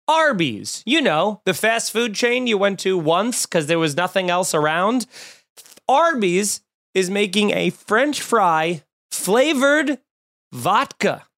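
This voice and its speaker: A man hosting a podcast in casual comedic chat, riffing sarcastically with animated mock quotes. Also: high-pitched. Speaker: podcast host.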